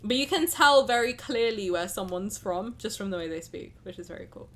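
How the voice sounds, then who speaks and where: A woman's voice: mid-range voice, brisk, slight background noise. A young woman with a South London accent, chatting casually on a live stream and reading a game story aloud. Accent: South London English. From England. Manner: chatty, animated, giggly.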